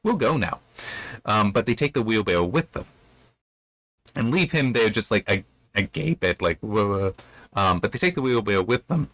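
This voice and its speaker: A man's voice: on the low side, animated, fairly quick, a bit bright, no echo. A man hosting a casual spoken review of a book chapter, retelling the plot in a rambling way and throwing in playful mock voices. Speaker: book reviewer, channel host.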